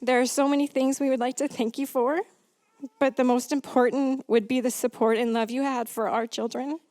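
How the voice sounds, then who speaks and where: A woman with an English accent reads a eulogy in a measured way, pausing now and then to clear her throat. Her voice sits a little high for a woman. The sound is dry and close, with no room around it. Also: level tone, darkish tone, dry recording. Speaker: family member reading tributes. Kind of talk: reading a eulogy aloud.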